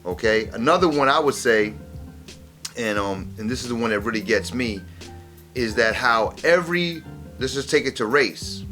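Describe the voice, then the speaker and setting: A man hosts a relaxed discussion at an everyday pitch, prompting his guest and circling back over his points. Faint music runs underneath. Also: moderate pace. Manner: prompting, explaining, repeats himself. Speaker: podcast host. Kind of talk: casual discussion.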